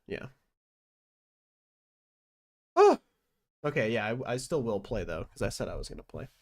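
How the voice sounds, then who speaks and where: A man's voice: fairly low pitch, expressive, quick pace, vocal fry. Rambling, self-deprecating male streamer. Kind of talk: casual live-stream chat while gaming.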